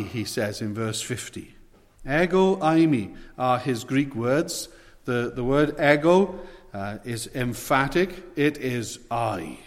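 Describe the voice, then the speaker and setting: A man preaching a sermon with emphatic, rising and falling delivery. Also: medium pitch. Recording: long hall reverb.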